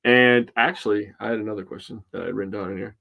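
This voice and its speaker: A man co-hosting a casual sports podcast, talking in a relaxed, chatty way and listing pitching numbers. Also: fast talker, vocal fry. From Wisconsin. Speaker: podcast co-host.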